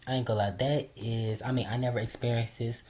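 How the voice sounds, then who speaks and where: A woman co-hosting a casual chat, blunt and quick to laugh. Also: extremely low pitch, fairly even intonation, dark tone.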